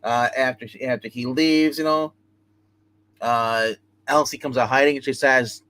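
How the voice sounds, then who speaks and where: A man's voice: medium pitch, steady tone, measured pace, fairly bright tone, smooth. A man hosting a casual livestream comic book review, retelling a story loosely with many restarts and fillers. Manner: rambling plot retelling with many restarts and "he's like".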